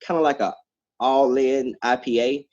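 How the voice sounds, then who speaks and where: A man, a farmer and activist, chatting casually on a podcast, easygoing and quick to laugh. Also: medium pitch, steady tone, darkish tone. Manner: easygoing, laughs often, stumbles and repeats words. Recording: dull lo-fi sound.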